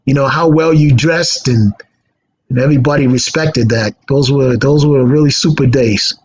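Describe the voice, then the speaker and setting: Animated storytelling man. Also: mid-range voice, moderate pace, breathy edge, rough recording. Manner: animated anecdotes with acted quotes. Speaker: radio guest. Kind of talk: casual storytelling.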